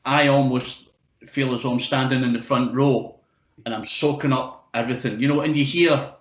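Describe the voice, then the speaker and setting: A man interviewing a band over a video call in casual chat, laughing loudly and swearing freely. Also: mid-range voice, fairly even intonation, moderate pace, echoey room, low-quality recording.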